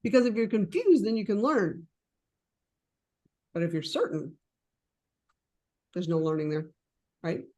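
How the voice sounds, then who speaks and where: A woman leading an online coaching class, chatty and animated, laughing often and acting out conversations with clients. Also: medium pitch, measured pace, pauses often.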